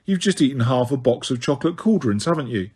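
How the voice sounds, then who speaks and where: A man's voice: medium pitch, animated, fast, a little mellow, husky. A man voicing a sensible but exasperated teenage wizard boy in a storybook, asking impatient, incredulous questions. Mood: puzzled.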